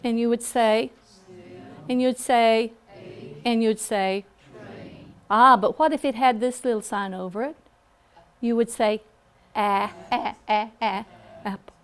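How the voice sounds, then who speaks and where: A woman with a Southern American accent, teaching a phonics class in a classroom and checking in with a patient "okay?". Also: a little high. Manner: slow, patient, with frequent "okay?" check-ins. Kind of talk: classroom lesson.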